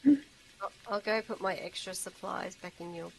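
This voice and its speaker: A woman chatting quietly and casually as a guest player on a voice call. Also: mid-range voice, fairly even intonation, unhurried, gravelly, a little hiss or hum, poor audio. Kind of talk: casual chat over voice call.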